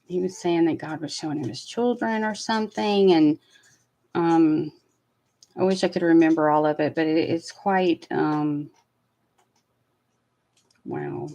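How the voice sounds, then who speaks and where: A woman with a drawl chats through her commentary, her voice sitting low for a woman. She rambles a little, with plenty of fillers as she gathers her thoughts. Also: unhurried, long pauses, dark tone. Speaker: commentary host. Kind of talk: casual commentary chat.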